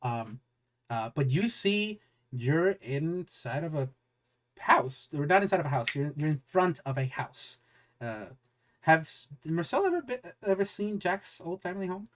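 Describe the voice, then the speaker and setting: A man's voice: fairly high pitch, lively intonation, normal speed. A man narrating as game master of a tabletop game, rambling and searching for words with many fillers.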